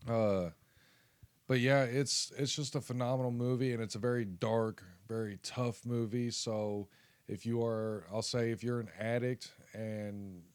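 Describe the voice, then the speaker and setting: A man co-hosting a casual movie podcast, speaking earnestly and in a measured way about films that mean a lot to him. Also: mid-range voice, fairly even intonation, darkish tone, clean tone, no room sound. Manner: earnest and measured, with fillers and restarts. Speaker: podcast co-host. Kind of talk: casual movie ranking chat.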